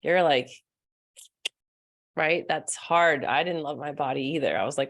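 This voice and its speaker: Young female spiritual coach, live-stream host; low register with vocal fry, soft, earnest, laughs easily. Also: expressive, measured pace. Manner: soft, earnest, laughs often, answers chat comments. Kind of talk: casual live-stream talk.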